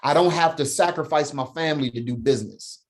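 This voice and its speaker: A man's voice: fairly high pitch, brisk. Emphatic, slangy man telling stories. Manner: punctuates points with "right?". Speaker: podcast guest, founder of a men's program. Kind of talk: animated storytelling, casual talk.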